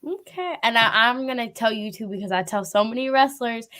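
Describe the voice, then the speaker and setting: A woman's voice: medium pitch, animated, a little fast, hardly any pauses, fairly bright tone. A woman hosting a casual interview, chatty and rambling with lots of fillers and laughter.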